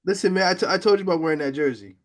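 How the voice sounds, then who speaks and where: A man hosting a casual football chat, excitable and quick to laugh. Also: sits high. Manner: lively, excitable, laughs often. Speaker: podcast host.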